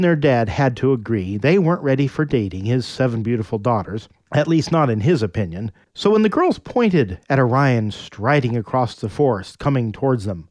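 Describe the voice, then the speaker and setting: A man narrating a myth in a playful, very animated storytelling manner. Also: medium pitch, normal speed, few pauses, no echo.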